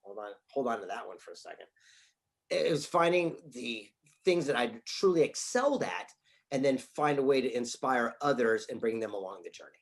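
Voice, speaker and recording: The speaker is a middle-aged author and speaker who tells anecdotes during an interview, sometimes laughing through the punchlines. His mid-range voice is creaky, with lively intonation at a normal speed.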